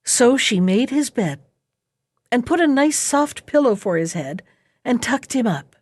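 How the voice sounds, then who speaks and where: A woman reads an old fairy tale aloud at a slow, deliberate pace. Her voice sits a little high and sounds close and dry, with no room around it. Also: big pitch swings, a little mellow, no echo. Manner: slow, measured reading with voiced characters. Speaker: storyteller. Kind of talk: storybook read-aloud.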